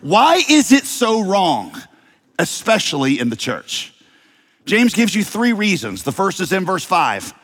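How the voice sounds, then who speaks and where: A man's voice: high voice, huge pitch swings, unhurried, a bit bright, long reverb tail. A man with a slight Southern American accent, preaching a sermon as pastor, conversational and wry, with rhetorical questions to the congregation. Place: church sanctuary.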